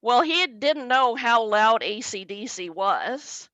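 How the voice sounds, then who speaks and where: A woman comedian telling a stand-up story, animated and acting out each character. She talks slowly in a bright, forward voice. The sound is dry, with no room echo. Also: fairly high pitch, highs cut off.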